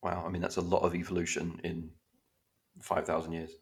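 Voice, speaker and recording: A man co-hosts a relaxed podcast in a very low, deep voice. He talks freely and chattily, dropping the odd curse word. He likes to act out the bits he is describing. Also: fairly quick, gravelly. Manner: chatty, swears casually, acts out film scenes. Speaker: podcast co-host. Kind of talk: casual chat.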